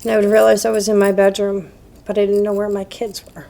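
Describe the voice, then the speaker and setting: A woman's voice: medium pitch, little pitch movement, fast, vocal fry, dark tone. A woman from New Jersey giving a candid, self-deprecating personal testimony to a recovery meeting, laughing at her own past. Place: meeting hall before a live group.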